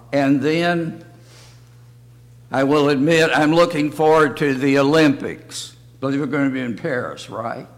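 An older man teaching a church Bible lesson in slow, halting short phrases. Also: fairly high pitch. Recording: long reverb of a hall.

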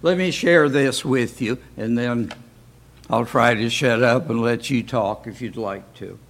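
A man's voice: medium pitch, unhurried. A man teaching an informal Bible class in a church, talking in a folksy way and often asking rhetorical questions. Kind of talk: informal Bible study talk.

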